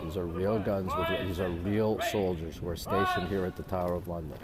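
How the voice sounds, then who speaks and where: A man's voice: sits low, steady tone, brisk, over a noisy crowd. Chatty man guiding a phone-streamed tour. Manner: chatty, greets viewers, repeats phrases. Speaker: livestream tour guide. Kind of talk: live-streamed walking tour. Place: outdoors at a historic castle. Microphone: phone held while walking.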